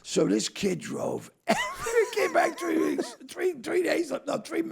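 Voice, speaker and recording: An older man, a comedian guest, telling stories in casual chat, acting out dialogue in quick bursts with a gravelly, husky voice. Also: very high-pitched, huge pitch swings.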